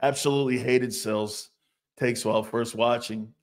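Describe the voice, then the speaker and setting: A man's voice: medium pitch, moderate pace. A man hosting a sports talk show, reacting to fan comments in a loose, profane way and laughing often. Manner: animated, laughing, profane, loud outbursts.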